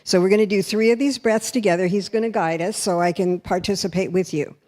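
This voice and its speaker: A woman's voice: mid-range voice, brisk, a little mellow. A woman minister giving a demonstrative talk that guides a congregation through breathing. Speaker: spiritual center minister.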